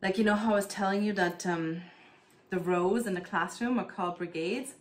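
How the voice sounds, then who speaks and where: Speaking at a moderate pace in a mid-range voice, this East German woman in her thirties vlogs from home, doing plant chores as she chats casually with plenty of fillers and laughter.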